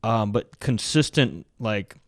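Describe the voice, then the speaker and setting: A man's voice: lowish voice, animated, slow pace, dry recording, studio quality. An American man and military veteran, telling war stories in a casual, rambling way full of fillers. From United States. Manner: rambling, lots of fillers like "like", laughs through stories. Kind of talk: casual podcast storytelling.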